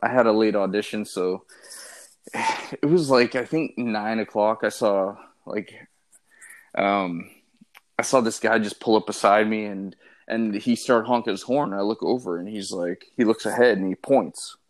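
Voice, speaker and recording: A man's voice: lowish voice, unhurried. A man in casual chat, telling a story at an easy pace with fillers.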